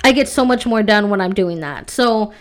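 A woman's voice: medium pitch, animated, normal speed. A woman in her thirties hosting a solo podcast, talking casually and encouragingly, often adding "like" and "right?". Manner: chatty, fills with "like" and "right?"; encouraging, faith-based. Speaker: podcast host.

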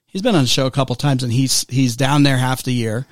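In studio-quality sound with no room tone, a male podcast co-host chats casually and talks fairly quickly, full of fillers and false starts. His voice sits mid-range with fairly even intonation.

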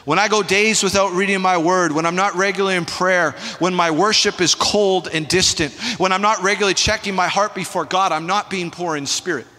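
A man preaches a sermon with an animated, emphatic delivery and chatty asides. His voice sits high and bright, cutting through the space. The sound carries a long reverb from a church hall. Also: brisk, few pauses. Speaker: pastor. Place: church sanctuary.

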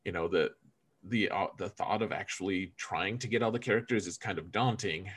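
A man co-hosting a gaming podcast, talking in an animated, joking way with frequent stammered restarts. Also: low voice, normal speed, breathy edge. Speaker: podcast co-host. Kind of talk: casual gaming podcast chat.

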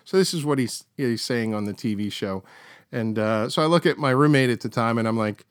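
A man's voice: mid-range voice, fairly quick, smooth, no echo, studio quality. A middle-aged man hosting a podcast, telling stories in a chatty way full of fillers and restarts. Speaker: podcast host. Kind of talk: casual storytelling.

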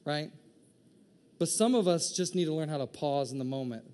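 Preaching with humor and energy, a male pastor breaks into brief impressions of people from his congregation. He naturally speaks in a high register for a man, pushing it further up in excited moments.

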